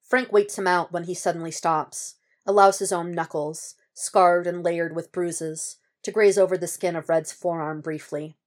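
A woman reading a piece of fan fiction aloud as an audiobook, at a steady, measured pace. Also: on the low side. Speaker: podfic reader.

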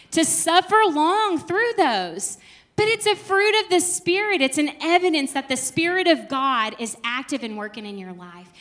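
A woman's voice: high-pitched, pushed and bright. A young woman, teaching a Bible study in a casual, chatty way with laughing asides.

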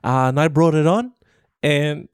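A man's voice: a little high, smooth, dry recording, studio quality. Man putting on a rambling New Zealand teacher. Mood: defensive. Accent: New Zealand, put on. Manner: rambling, halting, self-satisfied. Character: frustrated male schoolteacher defending himself, middle-aged. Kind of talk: comic impression in a commentary video.

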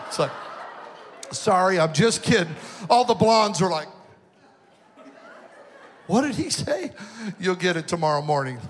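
A man preaching a youth sermon, joking through personal stories and rising into shouted preaching before a live audience. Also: high voice, big-room sound, slight background noise. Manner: jokey storytelling, building to shouted preaching. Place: large hall with an audience.

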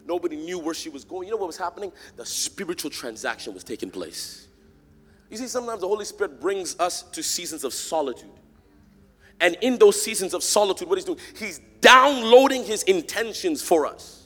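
A man preaching a sermon to a church congregation, swinging from quiet, close talk to loud, shouted call-and-response. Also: sits high, animated, fairly quick. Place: large church hall. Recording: long hall reverb.

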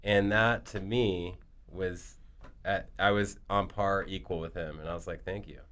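Man, very low pitch, middle-aged, casual storytelling, animated quotes. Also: unhurried. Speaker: guest.

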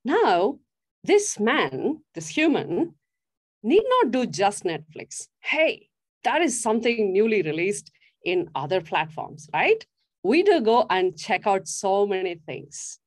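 A woman's voice: mid-range voice, slow. A middle-aged woman giving a motivational talk on design to a live audience, often putting questions to the listeners. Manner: animated, asks the audience questions. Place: stage before a live audience.

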